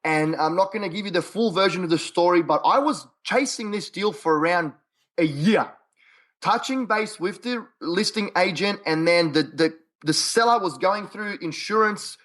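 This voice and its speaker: A man's voice: high-pitched, normal speed, a bit bright. A man with an Australian accent, a podcast guest telling his stories in a punchy, quote-heavy way. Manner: punchy, quote-heavy, repeats himself for emphasis. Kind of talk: casual interview chat.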